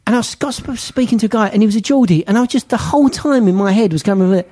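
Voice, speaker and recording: A man in casual podcast chat, throwing in quick, wry interjections and stories. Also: high-pitched, dark tone.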